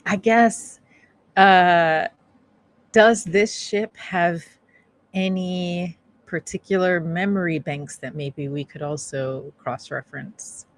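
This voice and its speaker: A woman in casual tabletop game chat, speaking slowly in a lowish voice. She hesitates and thinks aloud, filling gaps with ums. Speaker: player.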